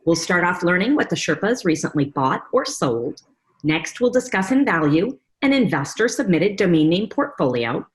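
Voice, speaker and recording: A woman's voice: on the low side, big pitch swings, normal speed. A woman hosting and producing a panel talk show, chatty and upbeat, speaking over a video call. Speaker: host and executive producer.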